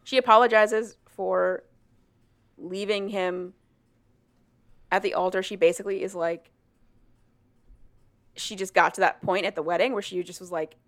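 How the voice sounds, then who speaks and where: A woman's voice: mid-range voice, fairly even intonation, measured pace, pauses often. A woman co-hosting a casual chat, retelling a book's plot in a chatty way and acting out the characters' lines. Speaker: podcast co-host. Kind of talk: casual chat recapping a book.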